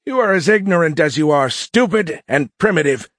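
A man voicing an arrogant young male cadet leading a mutiny, sneering and shouting his lines in an audiobook. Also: fairly high pitch, lively intonation, dry recording, studio quality, voice pushed up. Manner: shouting, sneering, drawn-out words.

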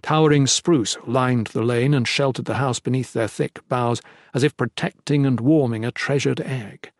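A man reads a period novel aloud in a measured, descriptive manner. His voice sits at a middle pitch, and the recording is dry and close with no room sound. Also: fairly even intonation, dry recording. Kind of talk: audiobook narration.

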